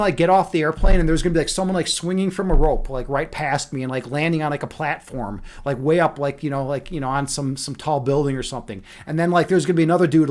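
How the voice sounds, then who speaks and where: A young man hosting a livestream, chatting casually and reading the live chat, rambling with many fillers and restarts. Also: a little high. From Chicago, USA. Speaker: livestream host.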